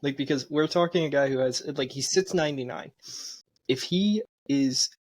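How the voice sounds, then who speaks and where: A man's voice: medium pitch, normal speed. A man co-hosting a casual sports podcast, rambling as he makes his points. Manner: rambling, many fillers and restarts while making points. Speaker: podcast co-host.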